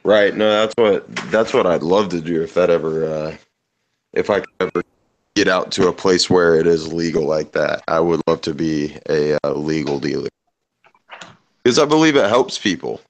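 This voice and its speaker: A man's voice: low-pitched, moderate pace, a little hiss or hum. A man in casual chat on a voice call, telling rambling, profane stories and laughing often. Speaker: podcast host.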